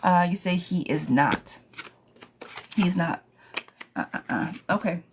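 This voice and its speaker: This tarot reader, a young adult woman, speaks slowly in a fairly low voice over a noisy background. Her live reading, streamed from home, is casual and chatty, full of laughter and light swearing.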